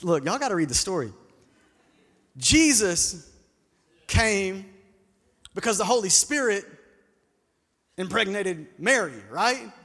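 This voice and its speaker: A man's voice: sits high, very animated, slow pace, pauses often, fairly bright tone. A man preaching a sermon in a church, speaking conversationally, asking the congregation questions and repeating words as he restarts. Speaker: pastor. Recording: long hall reverb.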